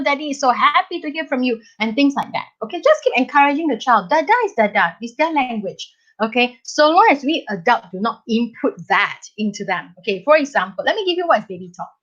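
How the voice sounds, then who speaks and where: A middle-aged woman with a Singaporean English accent, hosting a live parenting lesson in an animated, chatty manner, tagging her sentences with "okay?" and "right?". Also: fairly high pitch, highs cut off. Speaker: parenting educator, live session host. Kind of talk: live-stream parenting talk to viewers.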